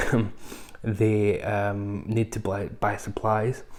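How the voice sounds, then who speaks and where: A man's voice: on the low side, flat delivery, extremely slow. A man reviewing films in a casual, rambling way, full of ums and asides. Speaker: film reviewer. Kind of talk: casual film review chat.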